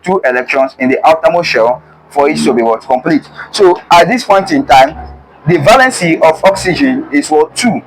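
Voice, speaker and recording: A man's voice: on the high side, a little hiss or hum, low-quality recording. A young man teaching a chemistry exam prep lesson. He keeps prompting with "what?" before each answer, in a call-and-response way. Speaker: chemistry tutor.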